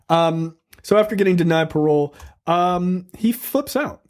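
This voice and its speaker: A man's voice: high voice, moderate pace, darkish tone. A man co-hosting a film review podcast in casual, profane, joking chat, acting out quotes.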